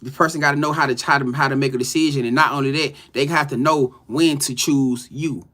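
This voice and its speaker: A man's voice: medium pitch, steady tone, a little fast, a bit bright. A man doing a casual live-stream tarot reading, greeting viewers and laughing often. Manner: loose, slangy, greets chat viewers by name, laughs often.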